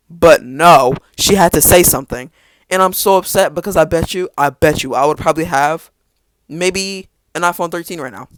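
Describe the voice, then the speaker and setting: A man's voice: a little high, a bit bright, clear, resonant tone, dry recording. A teenage boy telling a rambling personal story on his podcast, with restarts and sarcastic asides. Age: teens. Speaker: podcast host. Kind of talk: casual storytelling.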